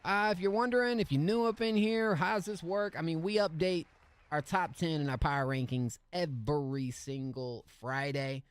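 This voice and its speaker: A man's voice: on the high side, normal speed, clean tone. A man hosting a music feedback livestream, greeting chat in upbeat, slangy casual talk. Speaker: music review livestream host.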